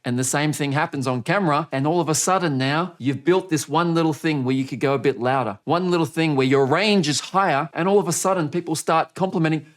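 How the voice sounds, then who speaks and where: A man teaching on-camera speaking as a coach, energetic and demonstrative, often shifting his loudness, pace and pitch to show what he means. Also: fairly quick, hardly any pauses. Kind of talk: coaching video lesson.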